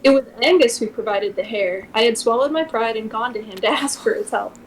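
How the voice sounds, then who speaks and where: A woman's voice: fairly high pitch, fairly quick, a little hiss or hum, low-quality recording. A woman streamer reads a novel aloud at her microphone and breaks off now and then with wry asides. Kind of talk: casual reading aloud on a livestream.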